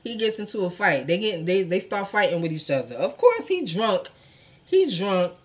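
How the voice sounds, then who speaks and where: Animated storytelling woman, casual and profane. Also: lowish voice, fairly quick. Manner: animated, profane, acts out quotes with big swings in loudness. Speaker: true crime storyteller.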